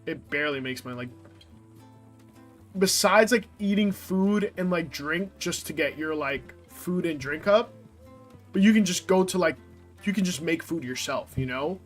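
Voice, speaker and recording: A young man who streams games talks casually while playing, his voice on the high side at normal speed, with faint music behind him. He rambles and swears, using lots of filler words.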